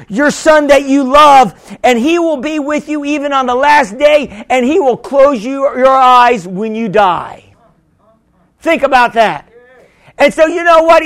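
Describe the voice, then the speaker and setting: A man preaching a sermon as pastor, with sudden shouts and many repeated words. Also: very high-pitched.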